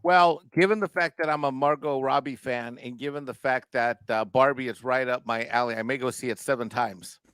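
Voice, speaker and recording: A man's voice: medium pitch, steady tone, brisk, few pauses, a bit bright, clean tone, no echo. A man on a casual panel chat, joking in a cheeky, self-mocking way. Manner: cheeky, self-deprecating humor.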